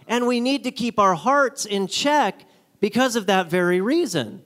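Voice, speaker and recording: Male guest preacher, high voice, animated storyteller who acts out characters. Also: a little slow. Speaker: guest speaker. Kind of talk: sermon with acted-out stories.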